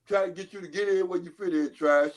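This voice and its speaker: A man with a notably high voice, joining remotely over a call. He heckles and teases over and over in casual trash-talking banter, pushing the same jab again and again. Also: quick pace. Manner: teasing, repetitive heckling. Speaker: call-in guest.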